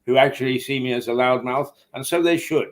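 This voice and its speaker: A man's voice: mid-range voice, a little fast. Man hosting a casual chat. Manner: hesitant, full of fillers and restarts. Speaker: host. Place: hotel.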